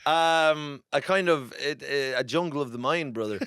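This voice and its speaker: A man's voice: fairly high pitch, moderate pace, background noise. A man with an Irish accent, a guest comedian rambling and laughing through self-mocking stories in casual chat. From Ireland.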